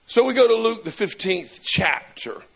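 A man's voice: high-pitched, animated, moderate pace, creaky, husky. A man preaching a sermon in church, telling jokes and stories with self-deprecating humor. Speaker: pastor.

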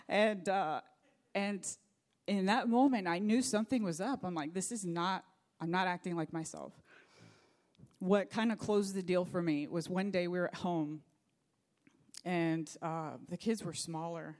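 Earnest woman pastor, fairly low voice. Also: measured pace, a little mellow. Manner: personal storytelling, earnest and faith-focused. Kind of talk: sermon.

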